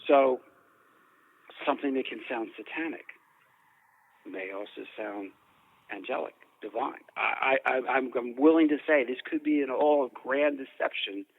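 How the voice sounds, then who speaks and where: A man's voice: mid-range voice, unhurried, vocal fry. A man being interviewed about paranormal recordings, speaking in a rambling way, with frequent restarts and repeated words. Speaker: interview guest, paranormal investigator. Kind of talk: conversational interview. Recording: tinny phone-like line.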